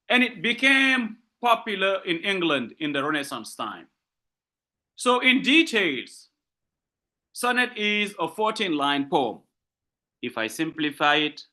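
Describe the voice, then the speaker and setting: Slow emphatic man lecturing students. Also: high-pitched, sharp tone. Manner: repetitive, emphatic explaining, checks in with "okay?"; slow deliberate delivery with frequent rephrasing. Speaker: literature lecturer. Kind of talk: university lecture.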